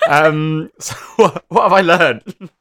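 A man's voice: fairly high pitch, slow pace, fairly bright tone, dry recording, clean studio sound. A man playing a tabletop role-playing game, thinking aloud about what his character would do. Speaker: player. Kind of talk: tabletop role-play chat.

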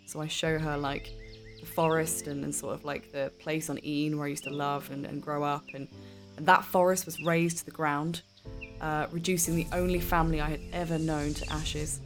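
A woman playing a tabletop game, speaking in character in an emotional, halting way with many restarts. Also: low voice, little pitch movement, faint music behind. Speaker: player.

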